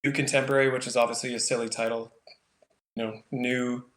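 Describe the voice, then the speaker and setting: Flat-voiced man with a rambling manner. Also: mid-range voice, brisk, reverberant. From Canada. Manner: thoughtful, rambling with many fillers. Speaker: painter, guest. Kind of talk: casual interview conversation.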